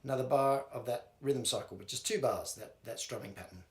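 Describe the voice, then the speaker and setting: In this instructional walkthrough, an Australian man with a brisk, mid-range voice teaches a guitar song one step at a time. He sings and counts the strum rhythms aloud over loud guitar playing in a roomy recording.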